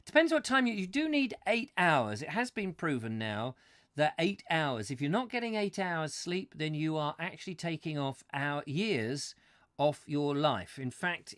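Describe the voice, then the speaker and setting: A man hosting a comic chat show, rambling and ranting excitably while reading out viewer comments. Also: fairly high pitch, dry recording, clean studio sound.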